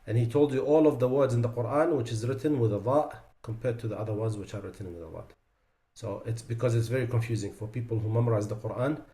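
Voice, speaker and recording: A man leads a recitation class and walks through common pronunciation mistakes one by one. His voice sits at a middle pitch, and he switches between reciting examples clearly and quietly correcting them. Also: fast. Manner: demonstrates sounds by reciting them, then drops his voice to correct them. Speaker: Quran recitation teacher. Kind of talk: tajweed lesson.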